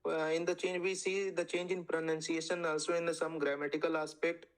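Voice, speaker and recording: A man's voice: a little high, little pitch movement, brisk, rough recording. A young man answering his teacher in class, hesitant and often saying sir. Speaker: student. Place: lecture classroom.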